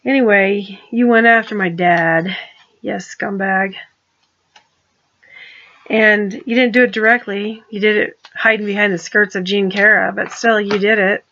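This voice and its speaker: A woman's voice: mid-range voice, steady tone, a little slow, pushed and bright, muffled recording. A woman talking in a rambling personal monologue, restarting her sentences and turning pointed and accusing. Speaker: vlogger.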